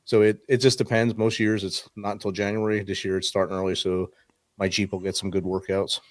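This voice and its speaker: Deep-voiced middle-aged man, easygoing. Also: little pitch movement, fairly quick, dry recording. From United States. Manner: easygoing, short friendly answers. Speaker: podcast guest, Army veteran. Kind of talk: casual interview chat.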